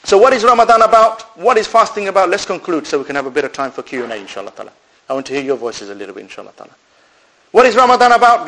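High-voiced man preaching to a crowd. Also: low-quality recording. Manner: rhetorical questions, answered himself; animated, swings between loud and soft. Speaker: Islamic preacher. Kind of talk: sermon to a live audience.

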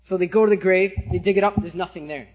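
A man preaches by telling a story and keeps checking in with his listeners. His voice is high-pitched with a husky edge. His delivery stays animated and conversational. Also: fast. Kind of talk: sermon storytelling.

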